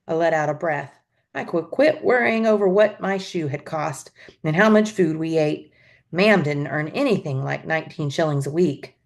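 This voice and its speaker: A woman teacher reading a novel aloud to students with expressive storytelling. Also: low-pitched. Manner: expressive storytelling, adds asides.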